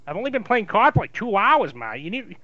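A man's voice: sing-song, brisk, sharp tone, heavily acted. A man voicing a lazy, sulky grown son who talks back to his mother. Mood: whiny. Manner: low, sulky, talking back. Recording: dull dry lo-fi sound.

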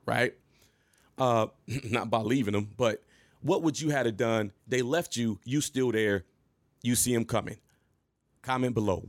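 A man in his thirties casually telling an animated story to camera, laughing and jumping high when he quotes himself. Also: vocal fry, no echo. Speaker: vlogger.

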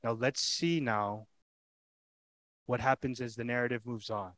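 A man's voice: medium pitch, fairly even intonation, unhurried, a bit bright. A man preaching a sermon as pastor, telling the story with dramatic emphasis, rhetorical questions and repeated lines. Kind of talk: expository sermon.

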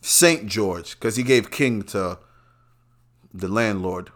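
A man, a podcast host talking in a brash, rambling, profane monologue that swings from quiet asides to loud outbursts. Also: fairly low pitch, slow pace. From Brooklyn, New York. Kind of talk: profane casual commentary monologue.

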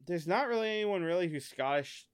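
An American man co-hosting a podcast in casual chat, rambling, thinking out loud and swearing often. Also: sits high, expressive, brisk, clean tone. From United States. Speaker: podcast co-host.

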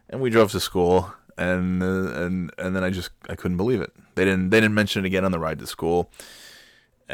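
Deep-voiced dad telling a funny story. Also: male voice, smooth, dry recording, clean studio sound. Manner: animated, laughing, with quick restarts. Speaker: father telling a family story. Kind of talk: casual storytelling.

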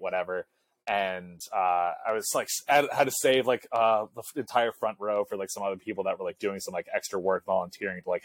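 A man's voice: lowish voice, no room sound. A young man, a college student, co-hosting a casual chat and telling a rambling story full of "like" and filler words. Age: young adult. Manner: rambling, heavy use of filler "like". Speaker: podcast co-host; college student section leader.

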